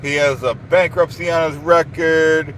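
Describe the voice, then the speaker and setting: A man's voice: fairly high pitch, fairly even intonation, a little slow, a bit bright. Boastful man ranting over noisy background. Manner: boastful, indignant, repeats himself. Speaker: live streamer. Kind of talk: ranting live stream.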